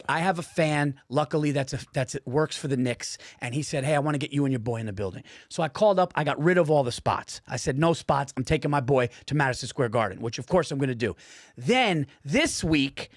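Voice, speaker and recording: A man co-hosting a comedy podcast, telling stories in an animated, profane rant. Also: medium pitch, a little fast, no room sound, clean studio sound. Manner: animated, profane ranting storyteller. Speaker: podcast co-host. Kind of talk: casual comedic chat.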